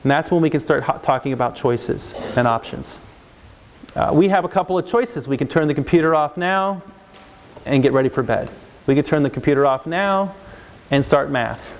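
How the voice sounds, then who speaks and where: This man from the United States has a voice on the high side and speaks at normal speed. Guiding parents and teachers casually, he animates his lessons by impersonating kids and adults.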